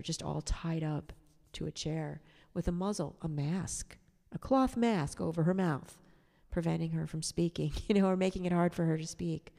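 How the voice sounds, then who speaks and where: Gravelly low woman telling a story. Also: dark tone, big-room sound. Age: adult. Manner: chatty, digressive, sarcastic asides. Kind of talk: casual storytelling monologue.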